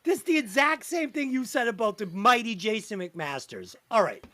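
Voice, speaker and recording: Animated high-voiced man hosting. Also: normal speed, no echo. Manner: animated, profane, quizzing the others. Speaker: podcast host. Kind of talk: casual chat.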